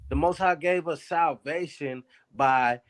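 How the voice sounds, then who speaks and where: A man speaking up during a class discussion, with a voice a little higher than usual. He talks casually in street slang and stumbles over restarts as he works toward his point. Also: measured pace.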